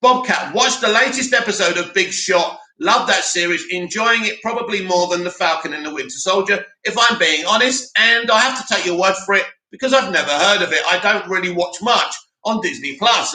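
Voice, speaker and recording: A man's voice: high-pitched, bright, forceful tone, roomy sound, low-quality recording. A man hosting a casual live stream, chatting animatedly and reading viewer comments aloud. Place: home studio in Cyprus.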